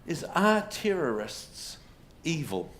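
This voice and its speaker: In a pub, a man delivers a public lecture to a live crowd, spinning stories full of wry humour and rhetorical questions. His voice is fairly high and fairly bright, very animated, yet he takes his time. Laughter from the audience and faint room noise fill the background.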